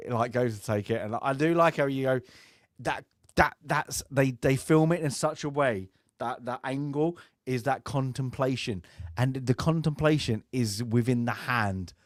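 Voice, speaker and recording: A man's voice: medium pitch, no echo, studio quality. Rambling man recapping a film. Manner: rambling, many fillers, acts out film lines with laughs. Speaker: film review podcast host. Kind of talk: casual film discussion.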